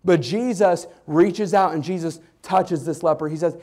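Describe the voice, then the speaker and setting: A young man preaching a sermon as a pastor, telling a story in an animated way with many restarts and fillers. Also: on the high side, moderate pace, few pauses. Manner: animated storytelling, rising to excited shouts.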